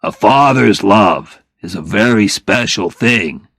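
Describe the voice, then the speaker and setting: A man reading aloud and voicing a friendly older father who speaks plainly and warmly, in slow, gravelly tones. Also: fairly low pitch, animated, no room sound, clean studio sound, full character voice. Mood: earnest. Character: warm, friendly older working-class father.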